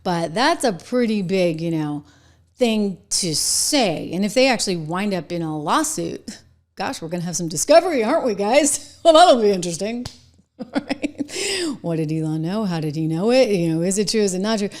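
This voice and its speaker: A middle-aged woman hosting a show, giving chatty, animated political commentary and laughing between points. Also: mid-range voice, moderate pace.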